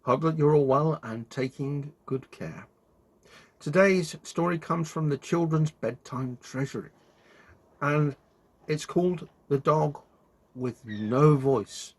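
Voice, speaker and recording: A man hosting his own show, reading a children's bedtime story aloud in an expressive, animated way. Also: a little high, slow. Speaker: storyteller host.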